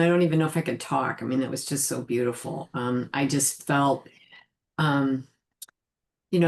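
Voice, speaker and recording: A woman joining the talk, speaking in a moved, hesitant way with many fillers. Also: sits low. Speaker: guest participant.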